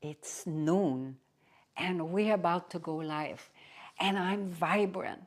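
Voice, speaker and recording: A woman's voice: fairly low pitch, slow pace. A woman acting out the inner voice of a young woman dancer talking to herself. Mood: joyful. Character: young woman dancer, anxious then joyful.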